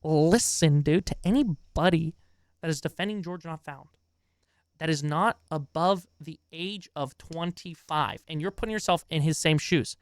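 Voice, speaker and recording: Live-streaming a reaction video, a man rants in an exasperated, profane way and chats with his viewers between outbursts. His voice is on the high side at a normal speed, recorded dry with clean studio sound.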